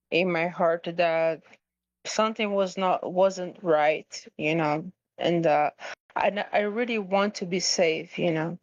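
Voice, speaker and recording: A woman's voice: on the low side, darkish tone, no room sound, dull audio. Hesitant, tearful woman on a call. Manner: hesitant, full of fillers and restarts. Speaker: caller. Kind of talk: emotional call-in confession.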